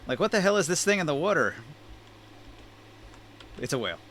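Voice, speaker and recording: A man's voice: a little high, very animated, fairly quick, a bit bright, a little hiss or hum. A man running a tabletop game over voice chat, narrating in an easygoing, joking way. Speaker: game master.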